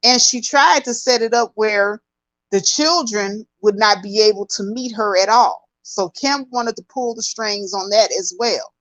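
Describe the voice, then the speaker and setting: A woman hosting a casual gossip commentary, talking in an emphatic, chatty, drawn-out way. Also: mid-range voice, fairly bright tone, no room sound, rough recording. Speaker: host.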